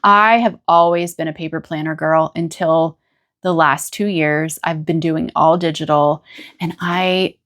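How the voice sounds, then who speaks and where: A woman's voice: deep voice, fairly even intonation, measured pace, fairly bright tone. A woman from the United States chatting casually as the host of a knitting podcast, gushing and rambling with small restarts. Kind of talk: casual chat to camera.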